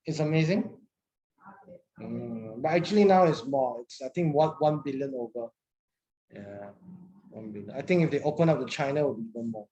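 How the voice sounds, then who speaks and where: A woman's voice: a bass voice, lively intonation, moderate pace, mellow, dull audio. Lady teaching a class, chatty, repeats herself, asks lots of questions. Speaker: English teacher.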